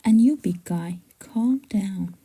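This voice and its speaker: Woman reading as a soft-spoken young mother. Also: mid-range voice, slow, slightly rough. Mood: coaxing. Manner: soft, half-whispered reading. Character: young mother, patient and gently teasing.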